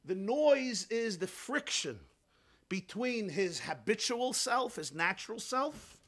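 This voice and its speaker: A high, bright male voice delivers a sermon with a lilt. He tells a story animatedly, dropping low for asides and then rising sharply as he acts out the characters. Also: slow. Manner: animated, swings from hushed to shouting, acts out characters. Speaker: rabbi.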